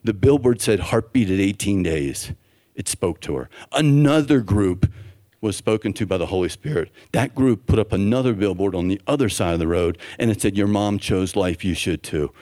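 Brief: male doctor, church talk, lively storyteller who acts out the voices he quotes. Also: on the low side, normal speed. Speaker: physician speaking at a church event.

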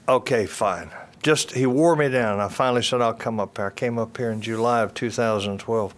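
Older man, earnest testimony speaker, repeats lines for weight, mid-pitched voice. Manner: earnest storytelling with repeated phrases and restarts. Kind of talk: personal testimony talk.

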